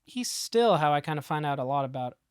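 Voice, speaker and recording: A woman's voice: low voice, lively intonation, fairly quick, darkish tone, clear, resonant tone, no room sound, studio quality. A woman in her late twenties, a guest musician, chatting casually and animatedly, full of fillers. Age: late 20s. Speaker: guest musician in a rock duo. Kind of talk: casual podcast chat.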